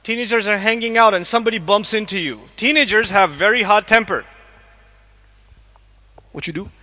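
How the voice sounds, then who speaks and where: High, bright-voiced male lecturer in a hall. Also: moderate pace. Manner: animated, acts out quotes, asks the audience questions. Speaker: Islamic lecturer. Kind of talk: lecture to a live audience. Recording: echoey hall.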